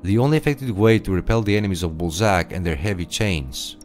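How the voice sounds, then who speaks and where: A pompous, theatrical knight of a secret order, voiced by a man in a video game, speaking in a somewhat low, grandiose tone. He lurches between solemn ritual speech and the patter of a game-show host. Loud background music plays under the game audio. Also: fast, close to an everyday voice.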